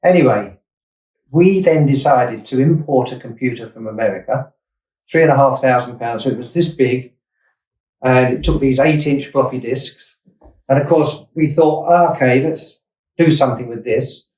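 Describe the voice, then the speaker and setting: A man's voice: medium pitch, normal speed, darkish tone. A man in his sixties, a startup investor from Essex, England, recalling his early career in a rambling interview story full of asides and self-corrections. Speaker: investor and startup founder, guest. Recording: roomy, distant mic.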